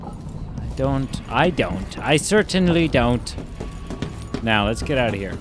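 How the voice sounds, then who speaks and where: Rambling, jokey gaming host. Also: male voice, mid-range voice, animated, slow, pauses often, noisy background. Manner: rambling, jokey, self-interrupting. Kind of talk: casual let's-play commentary.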